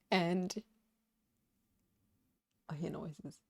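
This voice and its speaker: A woman streaming from her desk at home, telling a story in an animated way with frequent laughs and restarts. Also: lowish voice, a little slow. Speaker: live streamer. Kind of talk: casual storytelling to a live stream chat.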